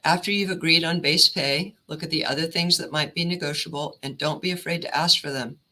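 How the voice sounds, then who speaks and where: Woman career counselor, presenter, bright tense tone, even instructive delivery. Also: sits low, fairly quick, low-quality recording.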